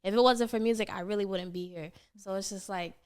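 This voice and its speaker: A woman's voice: medium pitch, fairly quick, clean tone. Laid-back young New York woman. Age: young adult. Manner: laid-back, laughs often, slangy. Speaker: rapper guest. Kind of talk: casual interview chat.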